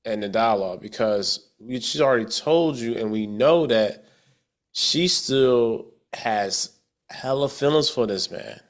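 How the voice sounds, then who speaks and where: Man giving casual show analysis. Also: mid-range voice. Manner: measured, filler-heavy analysis, holds the floor firmly. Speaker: podcast co-host. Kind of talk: casual chat.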